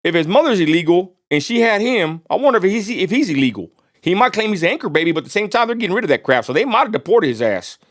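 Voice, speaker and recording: Blunt, scornful man with a higher voice. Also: big pitch swings, fast, fairly bright tone. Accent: Texan. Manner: blunt, scornful, rambling with restarts. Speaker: live stream host. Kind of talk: casual political commentary.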